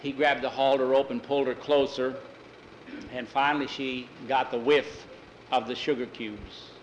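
An older man telling a children's ranch story in a homespun, unhurried way, with some fillers. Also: mid-range voice, fairly even intonation, reverberant, dull audio, slight background noise.

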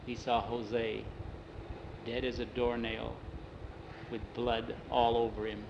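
A man tells a story aloud from memory, steady and unhurried, with an ordinary voice. He keeps tagging lines with "he says" and sometimes trips over a word and starts again. The recording sounds a little dull, with a faint hum of air conditioning behind him. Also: medium pitch, creaky. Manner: plain, unhurried telling with many "he says" tags and small restarts. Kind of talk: oral storytelling, told from memory.

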